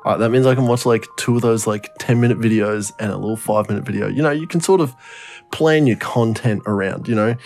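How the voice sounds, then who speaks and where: A man's voice: lowish voice, quick pace, a little mellow, soft background music. A young man telling a story in casual podcast chat, rambling, swearing often and laughing through it. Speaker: podcast co-host.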